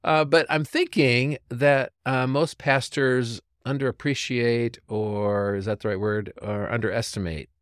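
A man, a pastor and podcast host, chatting casually and thinking out loud as he tells stories. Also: mid-range voice, steady tone, measured pace, hardly any pauses, dry recording, studio quality. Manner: storytelling, thinks out loud with restarts. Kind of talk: casual theological chat.

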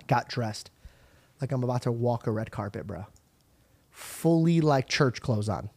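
A young man hosting a podcast, telling stories in a casual, animated way, acting out voices and swearing freely. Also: mid-range voice, unhurried. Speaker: podcast host. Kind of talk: casual storytelling chat. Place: podcast studio.

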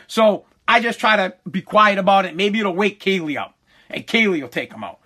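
High-voiced griping man on a rant. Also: lively intonation, fairly quick. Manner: exasperated, griping, stammers and repeats words; shouts when quoting himself. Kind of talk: casual comic rant.

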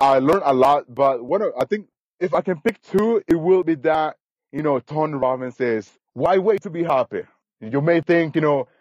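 A man's voice: fairly high pitch, a little mellow, no echo, lo-fi sound. A man as a podcast guest, talking earnestly and enthusiastically, repeating himself, with uneven grammar. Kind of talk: casual interview.

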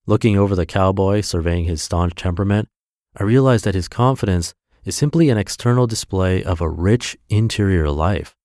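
A man with a very deep voice reads an essay aloud as the host of a daily podcast. His narration is measured and expressive, lifting on the phrases he wants to land. The sound is dry and close, as if spoken right into a studio mic. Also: no echo. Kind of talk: scripted narration.

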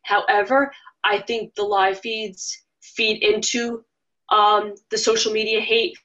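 A woman's voice: mid-range voice, slow. Chatty woman guest who rants and acts out quotes, slightly muffled audio. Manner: rambling, animated, acts out quoted voices. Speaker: interview guest, former reality show contestant. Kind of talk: casual interview talk.

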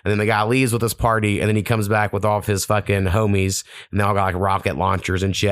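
A man's voice: fairly low pitch, fairly even intonation, quick pace, few pauses, fairly bright tone, dry recording, studio quality. A man hosting a podcast, telling long casual stories full of swearing. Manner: profane, rambling storyteller. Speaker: podcast host. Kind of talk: casual chat.

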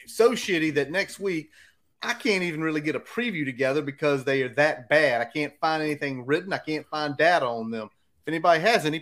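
A man's voice: a little high, a bit bright. An American man hosting a casual sports podcast, making brash, fired-up predictions. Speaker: podcast host.

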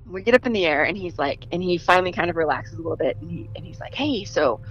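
A woman telling a story in a casual, animated way, laughing and imitating the people in it. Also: on the low side, racing, dull audio, faint music behind. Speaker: guest storyteller.

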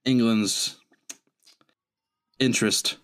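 A man's voice: mid-range voice, fairly even intonation, very slow, a bit bright. A man running a tabletop role-play game as game master, narrating in a laid-back way.

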